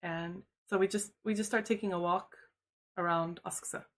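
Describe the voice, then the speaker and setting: A woman's voice: lowish voice, steady tone, fairly quick. A woman streamer telling a personal story in casual chat, talking loosely and filling her sentences with "like" and "you know". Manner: chatty, filler-heavy, uses "like" constantly.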